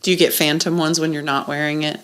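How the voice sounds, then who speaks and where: Low-key supportive woman co-host. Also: flat delivery, fast, a bit bright. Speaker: podcast co-host. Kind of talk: casual podcast chat.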